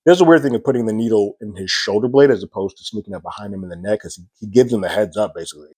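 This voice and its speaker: Low, husky man recapping a TV episode. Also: warm tone, no echo. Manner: loose and chatty, acts out characters' lines in quick quotes. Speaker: TV recap reviewer. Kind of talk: casual recap monologue.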